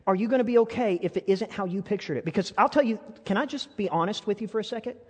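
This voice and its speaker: Fervent preacher man with a high voice. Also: fast, darkish tone. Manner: earnest, rising to fervent appeals, many rhetorical questions. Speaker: pastor. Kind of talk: sermon. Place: church hall. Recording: long hall reverb.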